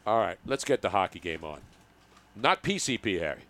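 A man's voice: fairly low pitch, big pitch swings, brisk, fairly bright tone. A man hosting a sports talk show, joking and teasing his co-hosts, sometimes slipping into mock hockey play-by-play. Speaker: show host. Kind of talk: casual sports chat.

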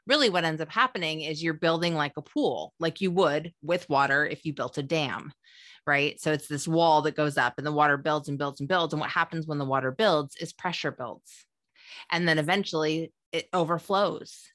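A woman co-hosting a relaxed podcast, talking like the therapist she is. Her voice sits low yet sounds bright and forceful, and she chats animatedly, laughing often. The sound is close and dry. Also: moderate pace, no echo. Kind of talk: casual podcast chat.

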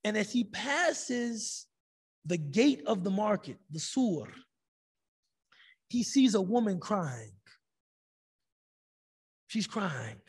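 A man teaching a religious class, telling a story in a lively way and acting out the people in it. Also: high voice, very slow, long pauses, slightly rough. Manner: animated storytelling, acting out quoted voices.

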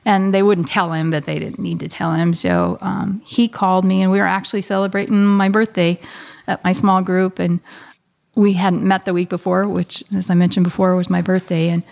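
A middle-aged woman, a guest on an interview show, telling an emotional personal story in a halting, heartfelt way with many pauses and restarts. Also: on the low side, level tone, vocal fry, a little mellow. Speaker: guest, a bereaved mother.

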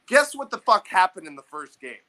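A young man telling an animated, profane story in casual chat, acting out what people said to him. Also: high-pitched, brisk, poor audio. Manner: animated, profane, acts out quotes. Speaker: podcast co-host, baseball coach.

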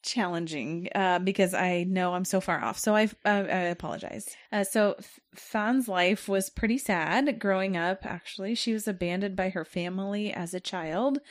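A woman's voice: medium pitch, moderate pace, hardly any pauses, no echo, studio quality. A woman co-hosting a true crime podcast, telling a story in a chatty, hesitant way with many fillers. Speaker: podcast co-host. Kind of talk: casual true crime chat.

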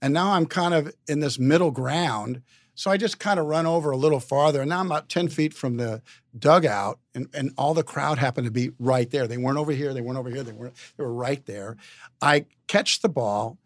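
A man's voice: medium pitch, a little fast, no echo, studio quality. A man talking as a podcast guest, telling a long anecdote in a rambling, stop-start way with lots of repeated words. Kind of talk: casual anecdotal storytelling.

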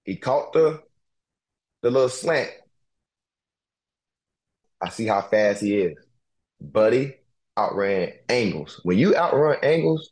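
A man hosting a casual chat, talking in a slangy, profane, animated way, repeating phrases for emphasis and laughing often. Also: mid-range voice, measured pace, long pauses. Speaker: podcast host and pro football player.

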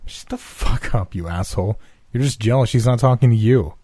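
A man voicing a frightened, jumpy teenage boy who stammers and squeaks. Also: brisk, warm tone, natural voice. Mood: angry.

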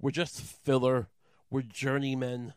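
A man's voice: mid-range voice, takes it slowly, smooth, dry recording, studio quality, natural voice. A man doing a self-mocking, apologetic wrestler. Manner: rambling, flatly self-mocking.

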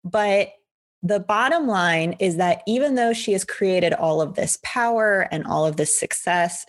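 Playful woman co-host, low voice. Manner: playful, teasing asides. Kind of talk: casual anime discussion.

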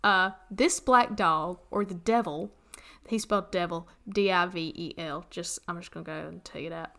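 A woman from Western North Carolina with a Southern accent, co-hosting a podcast and telling a story in casual chat, animated and laughing often. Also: on the low side, moderate pace, vocal fry. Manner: animated, laughs often, reads old text aloud with asides. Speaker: podcast co-host.

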